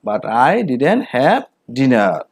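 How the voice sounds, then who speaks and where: A man with a Bengali accent teaching English grammar, reading out each example sentence slowly and saying it again. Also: medium pitch, big pitch swings, breathy edge, dry recording. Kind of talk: slow grammar lesson with repeated examples.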